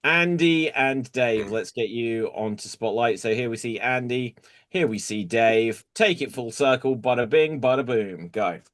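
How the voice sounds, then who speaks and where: An upbeat man hosts an online improv show, announcing each game. He speaks at a mid pitch over a video call. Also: unhurried, a bit bright. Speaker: host.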